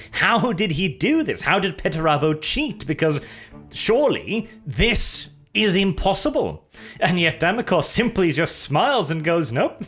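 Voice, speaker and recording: A man casually retelling lore as a storyteller, animated and jokey, with asides and laughter. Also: high-pitched.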